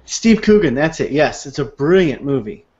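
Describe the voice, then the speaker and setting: A man's voice: on the high side, very animated, normal speed, a little mellow. A man chatting casually, telling anecdotes with frequent laughs and playful quoted voices. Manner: storytelling, laughs often, acts out quoted voices. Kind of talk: casual chat. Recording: dull lo-fi sound.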